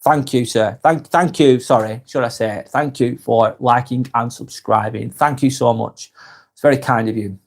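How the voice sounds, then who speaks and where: Here a man of medium pitch speaks at a normal speed, his Lancashire accent marking him as from England; he's in his forties. Hosting a relaxed live vlog, he reads viewer comments out loud, friendly and talkative, and keeps restarting and fixing his words.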